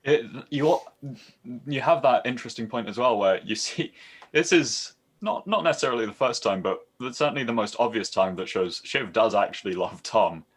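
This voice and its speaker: A man, a podcast guest, chatting in a relaxed, self-deprecating way with casual swearing. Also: medium pitch, normal speed, breathy edge.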